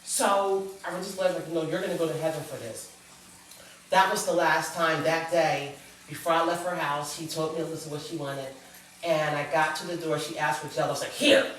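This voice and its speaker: A woman's voice: deep voice, a little hiss or hum. A middle-aged woman, a guest author, sharing a personal story on a talk show in an earnest, reflective way. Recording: echoey room, far from the mic.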